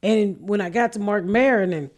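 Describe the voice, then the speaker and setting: A middle-aged woman, hosting a podcast and telling profane, animated stories in casual chat. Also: mid-range voice, moderate pace. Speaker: podcast host and comedian.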